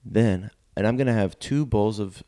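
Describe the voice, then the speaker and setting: A man's voice: on the low side, normal speed, warm tone. A man, a podcast co-host, casually telling an exaggerated, escalating comic revenge story.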